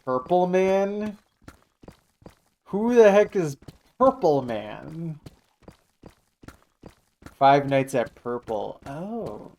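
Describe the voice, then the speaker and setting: A man's voice: on the high side, very animated, extremely slow, gravelly, long pauses, warm tone. A man streaming live, chatting casually and jokily while reacting to his chat. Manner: rambling, jokey, reacting to chat.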